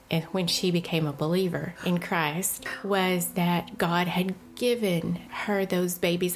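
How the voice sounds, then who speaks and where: A woman, a mother and podcast guest, talking earnestly about faith and parenting and laughing at herself. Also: lowish voice. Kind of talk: casual faith-based podcast chat.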